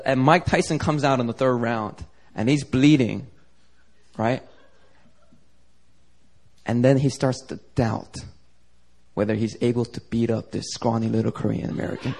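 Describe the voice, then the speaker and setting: A man preaching a sermon as pastor, telling a lively, joking story to the congregation. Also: a little high. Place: church service.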